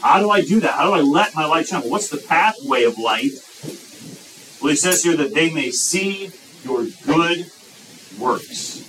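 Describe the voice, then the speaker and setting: A man preaching a sermon to a young audience, emphatic and repetitive, slowing down when he quotes scripture. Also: on the high side, animated, far from the mic, background noise. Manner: emphatic, repeats phrases, slows for quoted scripture.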